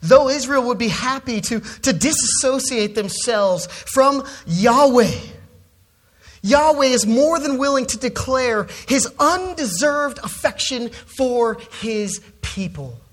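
A preacher delivering an expository sermon at an unhurried, measured pace. The voice leans hard on key words for emphasis and often repeats a word when restarting a phrase. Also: medium pitch.

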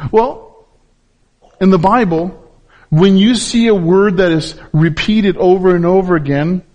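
Male preacher, high-pitched voice, emphatic sermon delivery with repetition for stress. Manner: emphatic, repeats words for stress, drops low and slow on key points.

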